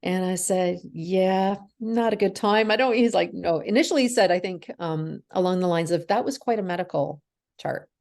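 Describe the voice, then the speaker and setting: This woman in her forties, from Canada, is a guest in an interview, openly telling a personal story while acting out the conversations and laughing through the hard memories. Her voice is on the low side and a little mellow, at a moderate pace.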